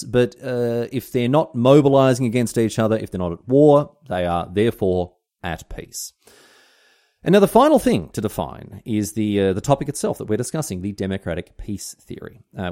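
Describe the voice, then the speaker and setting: Aussie guy doing a history podcast, lowish voice, swings up and down a lot, chatty with lots of ums. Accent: Australian. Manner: animated, mock-outraged asides, swears mildly. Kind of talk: casual history podcast narration.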